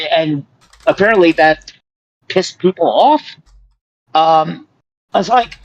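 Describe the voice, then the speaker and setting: A man's voice: on the high side, animated, moderate pace, dull audio. A man telling stories in casual chat on a live stream, rambling with lots of fillers. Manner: rambling storytelling with many fillers.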